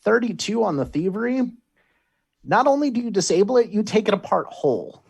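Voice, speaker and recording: A man runs a tabletop game as its game master, his voice swooping up and down as he sets scenes and calls for checks. His pitch sits a little high for a man, and he talks in quick bursts with casual restarts. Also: vocal fry, husky. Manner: animated, quick rulings with filler restarts.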